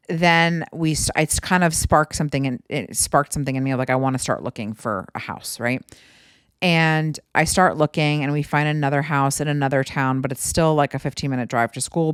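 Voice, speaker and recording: A woman's voice: low voice, clean tone, no room sound, clean studio sound. Chatty woman telling a story at home. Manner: chatty, rambling, many "like" and "right?" asides. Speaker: podcast host. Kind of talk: casual storytelling monologue.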